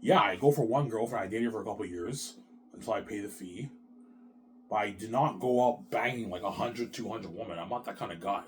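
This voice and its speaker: A man in a rambling monologue, repeating himself, swearing and jumping between quiet mumbles and loud outbursts. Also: on the low side, a little fast, slight background noise. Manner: repetitive, restarts, keeps saying "man"; profane, agitated swings in loudness.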